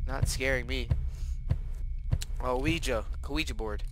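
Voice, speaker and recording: A young man giving casual gameplay commentary, sarcastic and profane, with sudden loud outbursts. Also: mid-range voice, slow pace, background noise. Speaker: gaming commentator. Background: game music.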